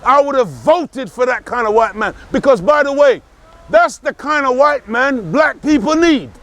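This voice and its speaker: A man giving a forceful outdoor street speech, repeating phrases for emphasis and shouting at times. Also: very high voice, expressive, normal speed. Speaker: street speaker. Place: outdoors in a city park.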